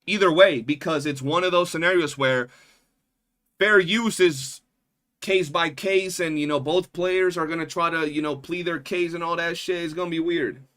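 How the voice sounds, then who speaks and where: Slangy New streamer guy, bright voice. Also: on the high side, normal speed. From New York. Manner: loose, profane, slangy, keeps saying bro. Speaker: livestreamer. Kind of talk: casual chat with viewers.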